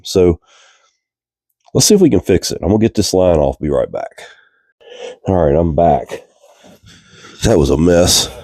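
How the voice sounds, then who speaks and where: A man's voice: low voice, vocal fry, breathy edge, no echo, studio quality. A man with a Virginian accent and a stuffed-up voice from a cold, chatting casually while repairing a fishing reel in a cold garage. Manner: relaxed, chatty, thinking aloud with fillers. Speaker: reel repair channel host. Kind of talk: casual workshop narration.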